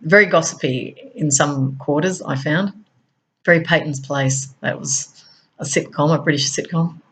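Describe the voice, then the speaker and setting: A middle-aged Australian woman with an Australian accent, speaking earnestly in an unhurried, reflective personal monologue. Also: deep voice, breathy edge. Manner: earnest, unhurried, with frequent laughs. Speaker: speaker on a talk show.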